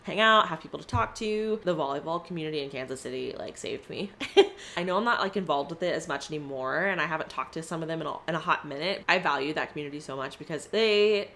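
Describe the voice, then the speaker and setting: A young woman, talking earnestly and warmly to camera in a personal vlog. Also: deep voice, fast, a little hiss or hum. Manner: earnest, heartfelt, upbeat. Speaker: vlogger.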